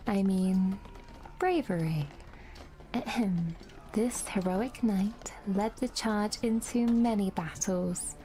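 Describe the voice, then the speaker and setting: Slow, mellow British woman storyteller. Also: medium pitch. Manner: measured, fairy-tale storyteller. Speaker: narrator of a debut intro. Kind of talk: scripted storytelling narration.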